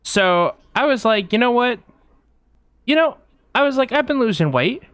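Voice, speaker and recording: A man's voice: very high voice, expressive, normal speed, a bit bright, clear, resonant tone, no echo. A man co-hosting a podcast, telling a long, rambling anecdote in casual chat with lots of fillers, recorded on a close mic. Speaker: podcast co-host.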